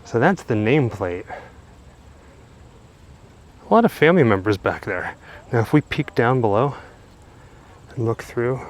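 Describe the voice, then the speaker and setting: A man's voice: medium pitch, darkish tone. A man guiding viewers on foot through an old cemetery, chatty and enthusiastic, recorded outdoors on a camera mic. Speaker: travel vlogger. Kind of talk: walking tour vlog narration. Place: outdoors in a cemetery by a busy road. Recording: outdoor street noise, passing traffic. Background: faint cars and trucks.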